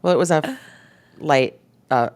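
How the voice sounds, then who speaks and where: Animated woman telling a story. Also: moderate pace. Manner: animated storyteller, acts out quotes with a jumping pitch; many "like" fillers. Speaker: podcast co-host and real estate agent. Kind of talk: casual storytelling chat.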